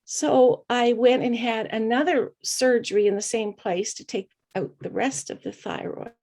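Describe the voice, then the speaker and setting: A middle-aged woman with a voice pitched a little high tells her own story as a podcast guest. She speaks earnestly and reflectively, often pausing on small hesitant fillers. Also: a little mellow. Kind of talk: personal storytelling.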